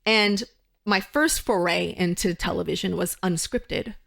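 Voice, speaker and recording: A woman in her fifties from the United States, a guest in a casual interview. She tells stories in an animated way, laughs often and throws in exclamations. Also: on the low side, measured pace, vocal fry. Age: 50s.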